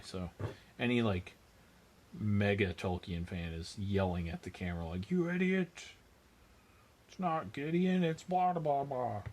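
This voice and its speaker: Hosting a miniature painting livestream, a man speaks casually in a fairly low voice. He thinks aloud while working and answers viewers with dry, self-mocking jokes.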